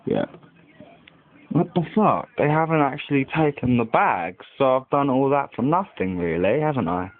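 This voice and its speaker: A man's voice: medium pitch, big pitch swings, moderate pace. A young man, rambling casually to the camera at home, full of "like" and swearing. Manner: rambling, heavy use of "like", lots of swearing. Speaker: vlogger. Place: indoors at home by a window. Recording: tinny lo-fi webcam audio.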